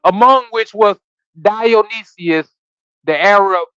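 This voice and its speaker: A man's voice: high voice, takes it slowly, a bit bright, smooth, dry recording, lo-fi sound. A man hosting a livestreamed Bible study, reading scripture aloud and then riffing on it in a casual, preachy way while quizzing his listeners. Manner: casual slangy asides between readings. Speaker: scripture study podcast host. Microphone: streaming setup.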